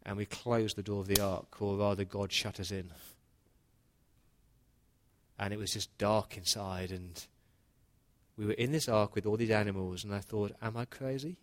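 Taking the part of Noah, a humble, earnest older man, a male pastor dramatically tells the flood story in the first person within a sermon, sounding earnest and conversational. His pitch is fairly low and his intonation fairly even, at normal speed with long pauses, in a voice close to everyday speech.

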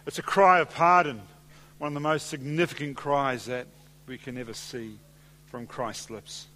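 A man preaching a sermon in a church, measured and deliberate, dropping softer and slower when he quotes scripture. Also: medium pitch, fairly even intonation. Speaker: pastor. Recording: long hall reverb.

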